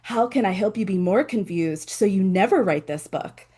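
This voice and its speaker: A woman voicing a gossipy female inner critic who loves to stir confusion, speaking in a sly, teasing and hushed way. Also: mid-range voice, animated, normal speed, slightly rough.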